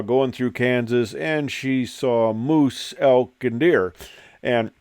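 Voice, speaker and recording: A man's voice: mid-range voice, a little mellow, no echo, studio quality. An older man, a retired airline pilot, telling jokes and stories in a casual, digressive monologue with plenty of fillers. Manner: joking, digressive storyteller with many fillers.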